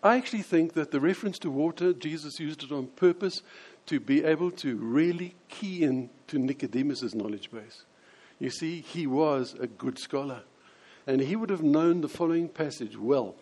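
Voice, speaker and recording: A man preaching a sermon, explaining scripture and acting out quoted voices with lively changes. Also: fairly high pitch, moderate pace, husky. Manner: animated, acts out quoted voices.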